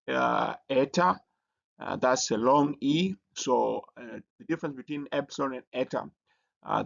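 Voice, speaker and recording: Teacher, male, gravelly voice, halting explainer with frequent restarts, muffled lo-fi recording. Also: mid-range voice, fairly bright tone. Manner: halting, many fillers and restarts. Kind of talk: recorded lesson presentation. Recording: dull lo-fi recording.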